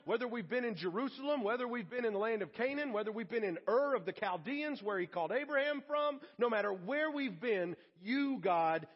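Male pastor, high and husky, dramatic delivery, dull lo-fi sermon recording. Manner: dramatic preaching, swings from hushed to emphatic.

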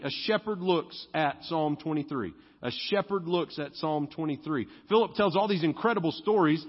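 A young adult male pastor, preaching conversationally in a church and slowing to stress key words. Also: high-pitched. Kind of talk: sermon. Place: church sanctuary. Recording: dull sound with long hall reverb.

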